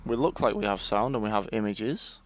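A man's voice: lowish voice, fairly quick, slight background noise. A man playing a tabletop game over a video call, easygoing in his manner. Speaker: player.

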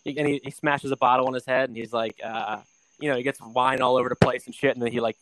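A man co-hosting a movie podcast in casual chat, animated and laughing, swearing freely and jumping into loud impressions of movie lines. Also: medium pitch, fast, a little hiss or hum, rough recording. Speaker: podcast co-host.

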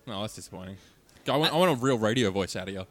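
A man's voice: on the low side, lively intonation, racing, a bit bright. A man hosting a casual gaming podcast, teasing his friends and swearing freely. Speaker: podcast host. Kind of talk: casual banter.

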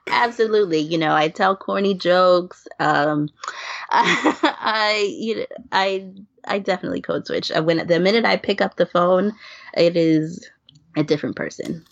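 Her voice is on the low side, creaky and a little slow: a New York woman guesting on a podcast, talking casually with constant laughter, fillers and restarts. The lo-fi recording sounds dull, with no echo.

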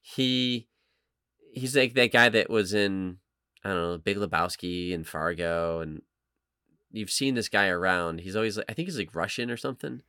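Male podcast co-host, bright and fairly low, dry close sound, rambling casual talk. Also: moderate pace, clean tone, dry recording. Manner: loose, rambling, lots of fillers and restarts. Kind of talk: casual chat.

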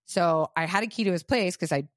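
A woman's voice: on the low side, brisk, dry recording, studio quality. Frank, swearing woman podcast host. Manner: frank, profane storytelling with lots of "like". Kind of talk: casual chat.

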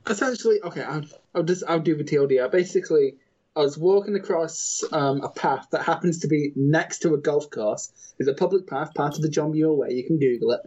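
Man, podcast co-host, husky, a bit high, sardonic, sweary, dull lo-fi sound. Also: brisk, mellow. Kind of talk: casual chat.

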